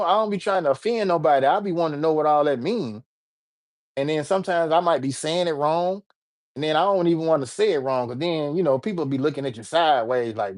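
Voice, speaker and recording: A man's voice: a little high, a little mellow. An American man with an American accent, hosting a casual livestream in a laid-back, slangy, rambling way. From United States. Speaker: livestream host.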